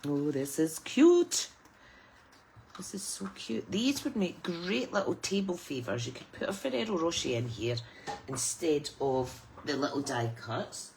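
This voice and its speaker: A woman's voice: deep voice, big pitch swings, unhurried, vocal fry, a little mellow. A middle-aged woman with a British accent talks through a papercraft project step by step. Her tone is chatty and soothing, like someone reading at story time, with a faint hum of noise behind her. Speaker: papercraft demonstrator. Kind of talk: live crafting tutorial.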